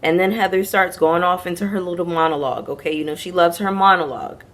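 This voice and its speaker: Low-voiced woman recapping reality TV. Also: fast talker, fairly bright tone. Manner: chatty, retells scenes acting out quotes, frank asides to viewers. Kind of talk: casual recap commentary.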